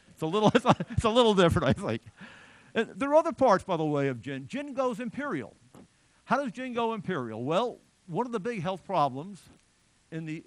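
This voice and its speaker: A man's voice: fairly high pitch, no room sound. A middle-aged man giving a public lecture in a chatty, digressive way with joking asides.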